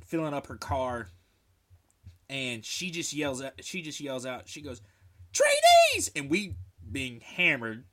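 A young man on a casual podcast, telling military stories in an animated, swearing way and shouting out the lines he quotes. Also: mid-range voice. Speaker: podcast co-host, military veteran. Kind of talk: casual storytelling chat.

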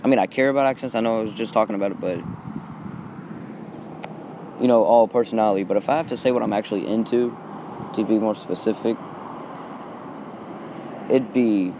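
A man's voice: lowish voice, a little fast, long pauses, noisy background. A teenage boy from Texas rambling through a solo podcast, hesitant and full of fillers, recorded outdoors. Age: teens. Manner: hesitant, repeats fillers often. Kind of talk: rambling casual monologue. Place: outdoors in wind.

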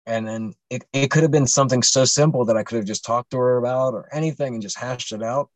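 A man's voice: mid-range voice, fast talker, dry recording. Rambling, profane young man telling a story. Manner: rambling, profane, many fillers. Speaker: podcast host. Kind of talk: casual storytelling.

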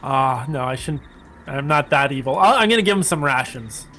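A man playing a tabletop game, excitable and quick to laugh. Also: mid-range voice. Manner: excitable, laughing, says oh my gosh often. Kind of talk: casual game play.

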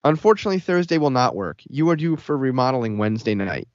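A man's voice: mid-range voice, sing-song, fast talker, no room sound, close to an everyday voice. A man voicing an eerily polite female phone operator with a scripted customer-service cadence, on a dull lo-fi recording. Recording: dull lo-fi sound.

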